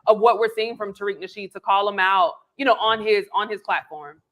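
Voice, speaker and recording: High bright-voiced male moderator. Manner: measured, posing long questions. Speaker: discussion moderator. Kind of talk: panel discussion.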